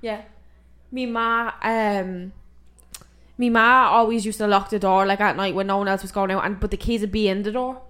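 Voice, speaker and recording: A young woman with an Irish accent, co-hosting a podcast in casual chat, trading stories and chiming in with quick agreement. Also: medium pitch, fairly even intonation, a bit bright. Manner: chatty, quick back-and-forth, short agreeing replies. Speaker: podcast co-host.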